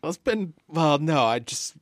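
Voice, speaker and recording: A man from Canada co-hosting a podcast in casual banter, with wry, deadpan retorts. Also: a little high, normal speed, dry recording, studio quality. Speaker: podcast co-host.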